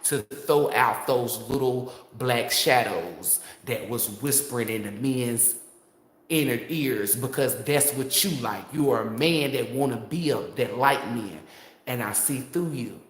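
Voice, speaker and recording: A man's voice: mid-range voice, unhurried. A man giving a tarot reading as a heated, profane, rambling monologue to his viewers. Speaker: tarot reader. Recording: echoey room.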